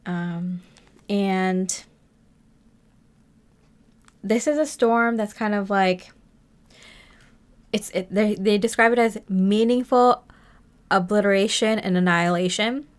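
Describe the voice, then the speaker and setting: A woman talks through a tarot reading in a relaxed, rambling way, stopping for fillers and soft laughs. Her voice sits in a middle pitch, close to the mic and conversational. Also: slow, long pauses. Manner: chatty and rambling, lots of fillers, laughs often. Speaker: tarot reader. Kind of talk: casual spoken tarot reading.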